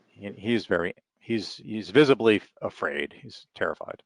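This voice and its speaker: A middle-aged man with a very low voice and a gravelly rasp, talking easily as an interview guest. He tells his stories in a relaxed, rambling way. The sound is dry and close. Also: normal speed, no echo. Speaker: author guest. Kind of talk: casual interview talk.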